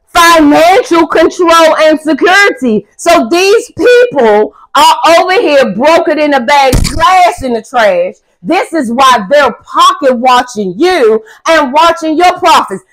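A young woman talks through a casual tarot reading in a high voice, taking her time over each phrase. She is blunt, sassy and profane, and now and then she bursts out loud for emphasis. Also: low-quality recording. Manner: emphatic, often loud outbursts. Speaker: tarot reader.

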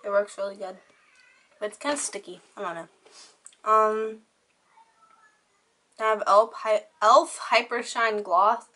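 A woman's voice: mid-range voice, steady tone, a little slow, long pauses, bright, forceful tone. A teenage girl talking through her things in a casual, rambling show-and-tell chat, with lots of "like" in her speech. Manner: chatty, rambling, heavy use of "like". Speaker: vlogger. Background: crying children.

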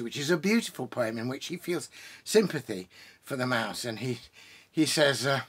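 A man with a gravelly, slightly husky voice talks casually from a home study full of bookshelves. He rambles as a poet introducing readings, breaking off, restarting and adding asides. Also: mid-range voice, expressive, a bit bright. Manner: pausing for pipe and drinks while talking. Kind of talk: casual chat introducing poems.

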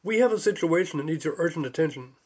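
A man's voice: a little high, expressive, fast talker, husky. A man voicing a nervous, overly formal young army corporal in an audiobook, tense and stiffly polite.

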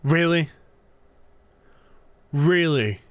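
A man talks over his horror game playthrough with a sarcastic, ranting edge and salty language. His voice sits a bit high and swings widely in pitch, climbing into loud bursts of exasperation. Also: lively intonation, extremely slow, no room sound. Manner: swears freely. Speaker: gaming video creator. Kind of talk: let's play commentary.

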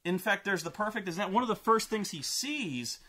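A young man ranting casually about a film, excitable and profane, acting out scenes in exaggerated voices. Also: high voice, a little fast. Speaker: vlogger reviewing a film.

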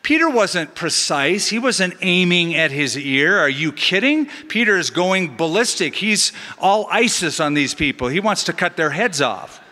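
A middle-aged pastor preaches with a bright, ringing voice pitched a touch above most men. He teaches in an animated way and slips in joking asides. His words carry a long reverb from the big church hall. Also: unhurried, hardly any pauses. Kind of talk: sermon. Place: large church sanctuary.

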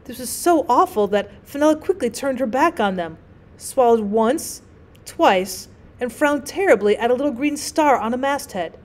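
A female teacher reads a classic short story aloud as an audiobook, her pitch fairly high and her intonation lively. She tells it in a clear, measured way, giving the characters gentle voices.

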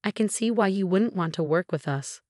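A woman voicing a gentle, sincere older father-in-law in a narrated story. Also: medium pitch, moderate pace, no room sound, studio quality, close to an everyday voice. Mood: kind. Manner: warm, sincere.

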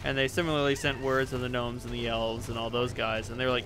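A man's voice: medium pitch, little pitch movement, fast, music in the background. A man giving casual let's-play commentary, rambling and joking with frequent swearing. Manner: rambling, profane, jokey. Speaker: game commentator.

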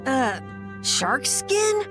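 An earnest, gentle young noblewoman. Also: sits high, very animated, extremely slow, heavily acted. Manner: earnest and curious. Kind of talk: game voice acting. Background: game music.

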